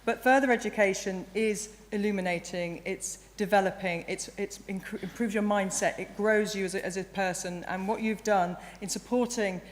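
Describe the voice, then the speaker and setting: A woman in her forties, a university chancellor giving a graduation address, earnest and a little croaky, now and then correcting herself mid-sentence. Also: mid-range voice, steady tone, normal speed, few pauses. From England. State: croaky, emotional. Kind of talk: ceremonial speech. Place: large hall. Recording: reverberant hall, light background noise.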